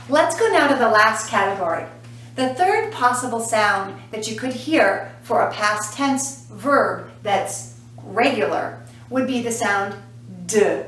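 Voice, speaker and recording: A woman's voice: a little high, fairly bright tone, a little hiss or hum. A woman teaching English pronunciation in a lesson, speaking patiently and repeating each sound to model it. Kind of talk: classroom lesson to camera. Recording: echoey room, voice from a distance.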